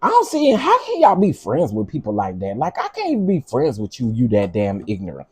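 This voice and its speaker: A man's voice: mid-range voice, wildly swooping pitch, fairly quick, darkish tone, breathy edge. A middle-aged man hosting a casual live commentary stream, exasperated and ranting as he answers his chat. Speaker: livestream commentary host.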